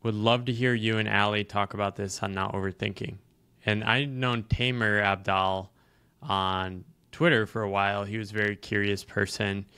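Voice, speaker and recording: A man's voice: on the low side, steady tone, moderate pace, pushed and bright, smooth, dry recording. A man who writes books, a podcast guest who tells stories and explains ideas at length in casual chat.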